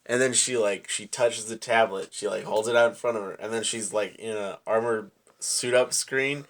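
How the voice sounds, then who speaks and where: A young man co-hosting a podcast in casual chat, telling stories haltingly and swearing a lot. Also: fairly low pitch, fairly even intonation, fairly bright tone. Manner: profane, halting, drawn-out storytelling. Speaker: podcast co-host.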